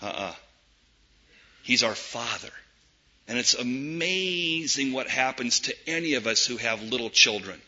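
A male preacher delivers a sermon at a slow, deliberate pace. His voice is very bright and a bit husky, and it rises to loud emphatic peaks before dropping to hushed asides. The recording sounds dull and lo-fi. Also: medium pitch, lively intonation.

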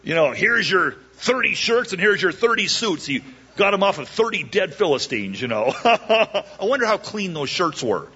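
A man preaching verse by verse, joking and acting out the characters' lines in a lively way. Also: a little high, husky, highs cut off. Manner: animated, jokey, acts out the characters' lines. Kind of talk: verse-by-verse sermon.

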